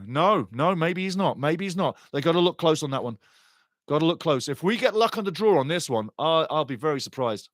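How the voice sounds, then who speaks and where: A man giving passionate live fan commentary on a soccer match, excitable and swinging from muttering to shouting. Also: on the high side, moderate pace, no room sound, studio quality.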